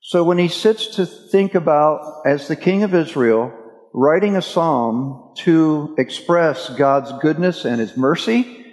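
A man's voice: on the high side, a little mellow. A male preacher telling a scripture story in a casual, chatty storytelling way during a sermon. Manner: casual storytelling, addresses listeners as guys. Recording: echoey hall reverb.

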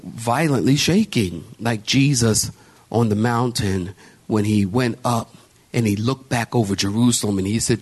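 A man preaching a sermon as pastor, emphatic and calling out to his congregation with repeated exhortations. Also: mid-range voice. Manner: calls out to the congregation.

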